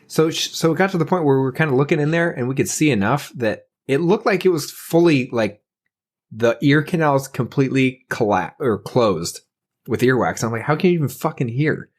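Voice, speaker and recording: A man telling stories on a casual podcast, loose and rambling, full of fillers. He laughs easily and drops curses as he goes. His voice sits in an ordinary middle pitch. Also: a little fast. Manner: rambling, heavy use of "like", laughs often; profane, animated storytelling. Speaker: podcast host.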